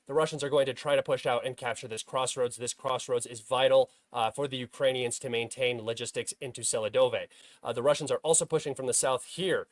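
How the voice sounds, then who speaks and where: A man's voice: medium pitch, fairly even intonation, fairly quick, dry recording. Filler-heavy young man, dry close mic. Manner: filler-heavy, many uh and um restarts; bursts into loud frustrated shouting at himself. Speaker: host of a military map analysis stream. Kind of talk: casual livestream commentary over a map.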